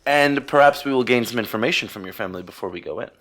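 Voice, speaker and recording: A man's voice: medium pitch, rapid-fire, fairly bright tone, natural voice. A man voicing a curious male adventurer who keeps asking questions. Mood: hopeful. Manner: probing, questioning.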